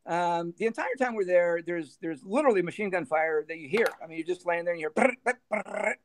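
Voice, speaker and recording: A man's voice: sits high, quick pace, a little hiss or hum. A middle-aged man, a former band manager, telling road stories in a casual interview, laughing often and acting out what people said. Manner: animated storyteller who laughs often and acts out quoted dialogue.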